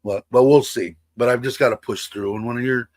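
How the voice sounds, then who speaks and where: A man's voice: medium pitch, fairly even intonation, fairly quick, darkish tone, dry recording. A man in his sixties chatting casually on a livestream, rambling with many fillers and restarts. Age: 60s. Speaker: livestream host. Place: home in Thailand.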